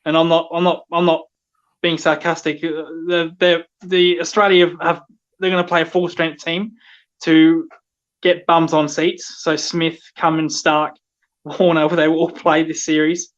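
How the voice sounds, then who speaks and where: A man's voice: fairly high pitch, level tone, a little slow, fairly bright tone. A man hosting a podcast, chatting casually and hesitantly about cricket. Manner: hesitant, lots of ums and agreeing. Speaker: podcast host. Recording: dull, muffled lo-fi sound.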